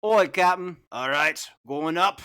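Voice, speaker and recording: A man's voice: on the high side, a little slow, sharp tone, clean tone, pitched above the performer's own voice. A man voicing a rowdy Australian bushman in a comedic fan dub, with a put-on Australian accent and an exclaiming, jokey manner. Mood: blustery. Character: rowdy male Australian bushman hunting rocks.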